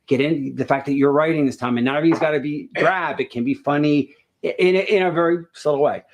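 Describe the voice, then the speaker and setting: Fast-talking pushy man coaching. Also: a little high, slight background noise. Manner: pushy, rapid coaching with restarts. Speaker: director coaching an actor. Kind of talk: improvised comedy coaching.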